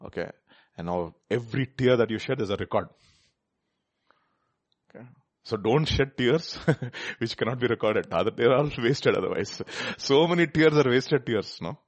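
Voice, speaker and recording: A man preaching a sermon, reading scripture aloud, asking his listeners questions and laughing often. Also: medium pitch.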